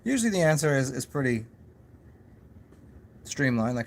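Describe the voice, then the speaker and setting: A man's voice: medium pitch, big pitch swings, moderate pace, slight background noise. A young man talking in a casual, rambling monologue to his camera, musing aloud with many restarts and asides. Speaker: vlogger.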